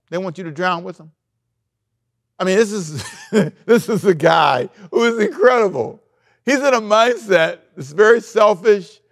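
Male pastor in full sermon mode, animated and theatrical, acting out the scripture; raised pitch, close dry recording. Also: dry recording. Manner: animated, acts out the scripture, big swings in loudness.

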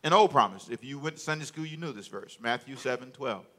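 A man pastor preaching a sermon with emphatic delivery and rhetorical questions, often building to loud peaks. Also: mid-range voice, lively intonation, fast talker.

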